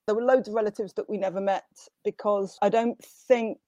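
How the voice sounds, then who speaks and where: A woman with a slight London accent appears as a guest, telling self-deprecating family anecdotes in casual chat and quoting relatives in put-on voices. Her medium-pitched voice is dark-toned and steady, her pace brisk, and the recording dry.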